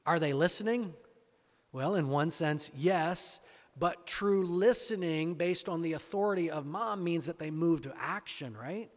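A man with a fairly high voice delivers a sermon, posing questions to his listeners and driving points home through repetition. His words trail off into the long reverb of a big hall. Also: a little slow. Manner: asks rhetorical questions and repeats phrases for emphasis. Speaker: pastor.

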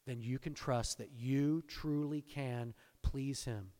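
A man preaching a sermon, swinging between hushed, intense lines and loud, exultant emphasis. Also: medium pitch, fairly even intonation, a little slow. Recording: long hall reverb.

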